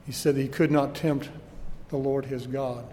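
A man's voice: mid-range voice, fairly even intonation, moderate pace, warm tone, in a large hall, a little hiss or hum. A man preaching a sermon with earnest emphasis and rhetorical questions, recorded in a church.

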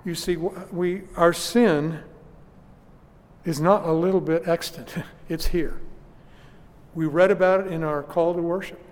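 A man's voice: a little high, steady tone, measured pace, pauses often, a little mellow, long reverb tail. A man preaching a sermon to his congregation, earnest and questioning his listeners. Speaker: pastor.

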